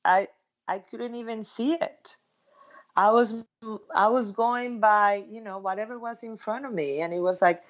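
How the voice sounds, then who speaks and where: A woman's voice: medium pitch, measured pace, muffled recording. Mexican woman telling a personal story. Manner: animated, acts out quoted friends in livelier tones. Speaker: guest.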